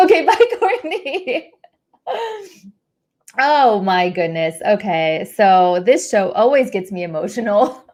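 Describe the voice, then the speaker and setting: A young woman hosts a charity livestream in casual chat, her mid-range voice carrying a darkish tone. She speaks in a gushing, effusive, emotional way.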